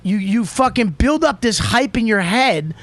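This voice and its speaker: A man hosting a podcast, telling a heated story in a profane, emphatic way that keeps swinging into shouting. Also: high voice, lively intonation, a little slow, no room sound. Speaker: podcast host.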